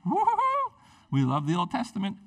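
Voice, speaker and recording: A man preaching a casual, excitable sermon, chatty and animated. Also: a little high, normal speed, recorded from a distance. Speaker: pastor.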